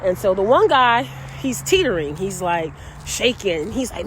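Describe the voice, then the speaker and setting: A woman yoga teacher casually sharing stories from her classes in a chatty, animated way. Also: mid-range voice, unhurried, slight background noise. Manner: warm, chatty, animated storytelling. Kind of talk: casual storytelling vlog.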